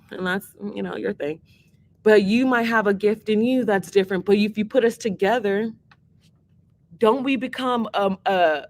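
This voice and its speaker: A woman's voice: a little high, a little mellow. A woman hosting a livestream and taking song requests, talking in a rambling, earnest way and swearing freely. She is emotional and teary-eyed. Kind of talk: casual livestream chat.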